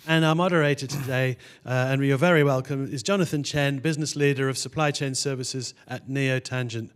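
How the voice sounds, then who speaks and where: A man introduces a panel from a conference stage. He talks in a chatty, easygoing way and shrugs off his own slips. His voice sits at an ordinary middle pitch. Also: steady tone, brisk, hardly any pauses. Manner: chatty, stumbles over words with self-deprecating asides. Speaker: event host introducing a panel.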